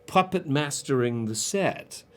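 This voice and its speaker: A man's voice: mid-range voice, animated, a little slow. A man speaking as an actor in a press interview, telling a story in an earnest, reflective way. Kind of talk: casual press-junket chat.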